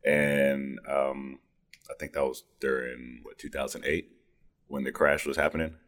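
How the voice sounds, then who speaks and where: Man, extremely deep radio voice, relaxed polite interview guest. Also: a little slow. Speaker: business owner guest. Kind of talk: casual interview.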